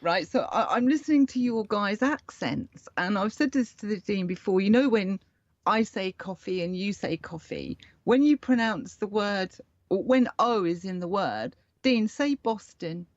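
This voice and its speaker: A woman from the United Kingdom talks in a chatty, wry way, explaining things to her co-hosts. Her voice sits at a middle pitch. It comes through a slightly muffled, lo-fi line with a dry, close sound. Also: lively intonation, moderate pace, no room sound. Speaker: co-host. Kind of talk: casual chat.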